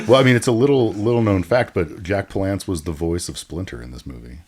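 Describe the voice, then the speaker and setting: A man's voice: low voice, quick pace, a little mellow, husky. A man co-hosting a podcast, chatting casually about an old movie with dry joking asides and casual swearing. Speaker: podcast co-host.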